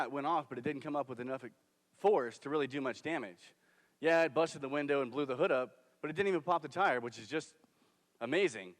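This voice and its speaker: Young man, veteran, frank conversational storyteller, a bit high in pitch, big reverberant theater sound. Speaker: military veteran. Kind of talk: staged personal storytelling. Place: theater stage. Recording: long hall reverb from a stage.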